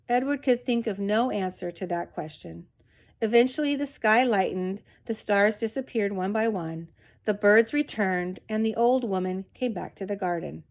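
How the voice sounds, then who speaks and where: A woman reads a children's novel aloud, telling the story in a measured, expressive way with a mid-range voice.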